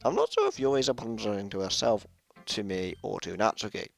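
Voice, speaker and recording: A man's voice: lowish voice, fast talker, vocal fry, soft background music. A man playing through a visual novel, reading it aloud and making puzzled remarks along the way. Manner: puzzled, self-questioning remarks. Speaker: let's play gamer. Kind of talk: reading and commenting on a game.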